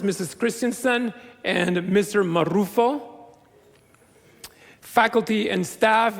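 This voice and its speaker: Humorous pastor in a big echoing church. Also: male voice, a little high, creaky. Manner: playful, joking asides to the audience. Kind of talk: sermon. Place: large church sanctuary. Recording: long church reverb.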